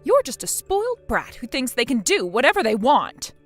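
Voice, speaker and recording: A woman's voice: high-pitched, huge pitch swings, moderate pace, soft background music, exaggerated voice. A woman voicing a bossy, scornful middle-aged mother-in-law in a text-message drama, harsh and scolding.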